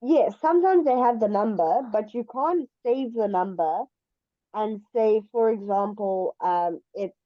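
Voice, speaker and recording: A woman's voice: mid-range voice, unhurried, no room sound, muffled recording. A woman tutoring English one-on-one over a video call, explaining patiently with examples. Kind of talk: one-on-one online English lesson.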